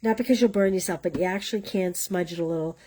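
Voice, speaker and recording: A woman's voice: lowish voice, fast talker, noisy background. Chatty woman with a Boston accent. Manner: chatty, self-teasing, explains while working. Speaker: stamping class host. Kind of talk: live craft demonstration.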